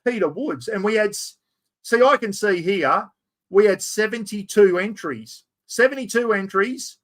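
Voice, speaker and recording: A man's voice: high-pitched, a little slow. An Australian man hosting a live stream, chatting casually and joking at himself while fumbling with the computer. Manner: chatty, self-mocking, talks to viewers while fumbling with software. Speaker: livestream host.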